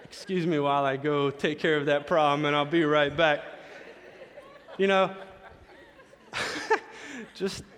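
A man's voice: fairly high pitch, slow, pauses often, a bit bright. A man preaching a sermon, telling chatty stories about his young son and acting out the dialogue. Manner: storytelling, chatty, acts out dialogue. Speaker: pastor. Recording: long hall reverb.

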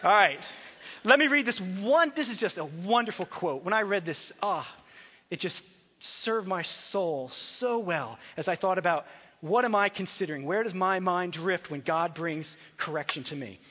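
A male pastor preaching a sermon in a conversational way, moving between soft, reflective passages and emphatic exhortation, in a large church hall. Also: sits high, lively intonation, normal speed, husky. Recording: phone-like sound in a hall with long reverb.

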